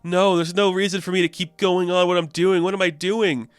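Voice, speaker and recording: A man's voice: sits high, fairly even intonation, a little fast, clean tone, no echo, studio quality, voice pushed up, close to an everyday voice. A man casually voicing a young male robot inventor in an offhand paraphrase. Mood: despairing.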